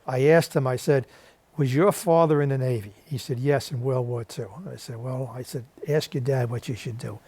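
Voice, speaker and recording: A man's voice: medium pitch, fairly even intonation, moderate pace, darkish tone, husky, no echo. A man with a New York accent, a guest on a TV interview show, telling a story and acting out the voices of the people in it. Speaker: guest, interviewer of war veterans. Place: TV studio.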